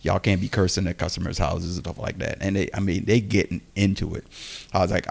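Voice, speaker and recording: Gravelly low-voiced man telling a story. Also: fast talker. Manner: animated, acts out quoted speech. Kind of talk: casual storytelling.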